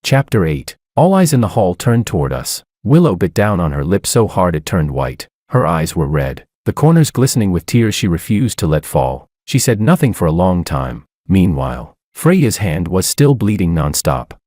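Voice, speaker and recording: A man's voice: sits low, big pitch swings, normal speed, few pauses, dark tone, dry recording, clean studio sound. A man narrating a first-person romance drama in a smug, dramatic storytelling manner.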